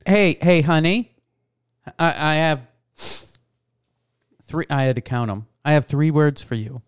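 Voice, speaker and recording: A woman in her late forties banters and teases her co-host with a lively, swooping voice. She sounds dry and close on a studio mic. Her manner is casual and playful. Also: low voice, measured pace, clean tone, no echo. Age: 40s. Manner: teasing, playful, laughing often. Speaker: podcast co-host. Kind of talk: crude casual radio banter.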